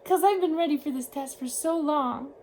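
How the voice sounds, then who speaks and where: A woman vlogging, casually telling a story to the camera in an animated way, shifting her tone as she retells events. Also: high-pitched, moderate pace, slight background noise, rough recording.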